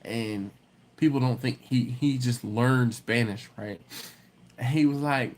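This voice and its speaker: Speaking at a moderate pace and medium pitch, a man runs a casual barbecue live stream, animatedly joking with viewers and calling them by name as he reads their comments. He now lives near Baltimore but comes from elsewhere.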